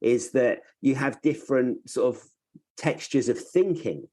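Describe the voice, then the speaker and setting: Male podcast host, thoughtful and meandering, mid pitch. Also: lively intonation, a little slow, mellow. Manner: thoughtful, meandering, restarts sentences. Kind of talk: casual podcast chat.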